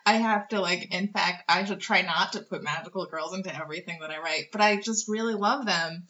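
A woman's voice: fairly low pitch, a little fast, bright, forceful tone, highs cut off. A woman comics creator, a guest on a podcast, chatting casually and laughing through her answers. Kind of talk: casual interview chat.

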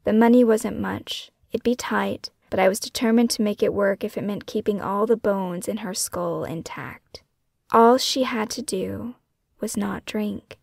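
A woman author reading her own memoir as scripted first-person narration, hushed and often falling into a breathy whisper. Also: medium pitch, a little slow, dry recording, clean studio sound. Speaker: author and podcast host.

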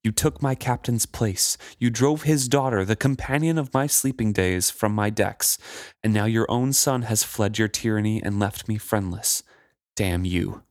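A man reading aloud, voicing a bitter female living ship who speaks in a slow, quiet, vicious tone. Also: lowish voice, no room sound, clean studio sound, close to an everyday voice. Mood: quiet fury.

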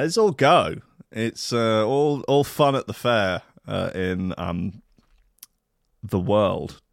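Man, radio host, low voice, sardonic, swears a lot, rambling, very dry studio sound. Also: no echo. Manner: sardonic, sweary, meandering, drifts between loud and muttered. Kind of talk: rambling solo radio banter.

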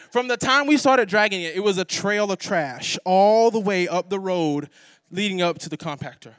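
A young man preaching a sermon, telling a story with lively acted-out dialogue. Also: high-pitched, no echo, clean studio sound. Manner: animated storyteller acting out dialogue. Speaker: pastor.

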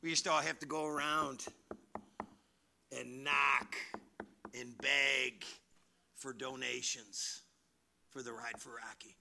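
Male pastor, gravelly and sharp-toned, preaching by storytelling, drops to hushed asides then builds to near-shouts. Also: mid-range voice. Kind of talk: sermon.

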